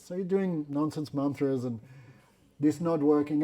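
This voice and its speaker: A man telling a devotional story in a religious class, animated and laughing often, with non-standard English grammar. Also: a little high, measured pace, pauses often. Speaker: spiritual teacher.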